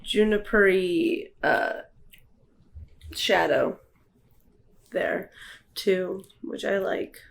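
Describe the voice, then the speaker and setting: Woman with dry quick quips. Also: mid-range voice, gravelly. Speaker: beer reviewer co-host. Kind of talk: casual tasting chat.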